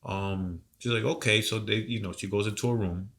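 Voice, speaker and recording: A man co-hosting a podcast, telling a long story in a rambling, profane, animated way while coming down with a cold. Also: on the low side, normal speed. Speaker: podcast co-host. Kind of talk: casual storytelling chat.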